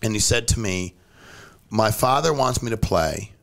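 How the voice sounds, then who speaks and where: A man's voice: unhurried, creaky. A man in casual conversation as a podcast guest, blunt and direct, telling stories and pushing his point hard. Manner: blunt, animated, jumps pitch for emphasis. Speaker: company CEO, podcast guest. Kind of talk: casual storytelling chat.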